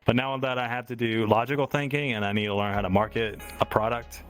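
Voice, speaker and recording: A man's voice: mid-range voice, fairly even intonation, fast talker, faint music behind. A man with a Southern US accent co-hosting a podcast, thinking aloud in a casual, reflective way. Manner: reflective, thinking out loud with fillers. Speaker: podcast co-host.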